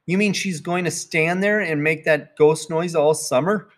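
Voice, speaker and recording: A man voicing an anxious, dramatic little girl in a storybook reading, pleading and excitable. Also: a little high, a little slow, voice pushed up, lightly acted.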